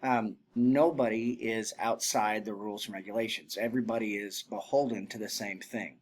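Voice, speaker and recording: A man giving a spoken lesson on military drill, explaining plainly and breaking into loud shouted commands and counts when he demonstrates. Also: fairly low pitch, steady tone, moderate pace, slightly rough. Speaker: drill instructor.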